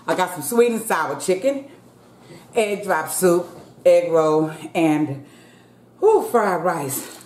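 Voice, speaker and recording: Low, slow-talking woman vlogger, echoey room. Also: animated, darkish tone. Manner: chatty, folksy, keeps calling out to viewers. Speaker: mukbang vlogger. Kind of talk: casual eating-show chat. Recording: echoey room with faint background hum.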